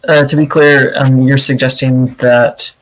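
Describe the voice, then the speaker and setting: A man in a committee meeting over a video call, relaxed and a little hesitant. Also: medium pitch, a little slow, rough recording. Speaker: committee member. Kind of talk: casual online meeting.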